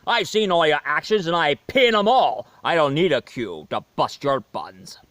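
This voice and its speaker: A man's voice: on the high side, lively intonation, normal speed, fairly bright tone, dry recording. A man putting on a boastful, touchy impression of a suave male spy for a comedic sketch. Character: cocky suave male spy in a Sean Connery Bond impression.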